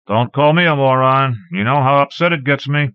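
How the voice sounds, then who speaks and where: A man's voice: mid-range voice, moderate pace, clear, resonant tone, dry recording, voice pushed up, lightly acted. A man reading aloud and voicing a vain, cocky seventeen-year-old boy who teases his younger brother smugly. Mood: teasing. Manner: smug, teasing, preening. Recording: dull lo-fi cassette recording.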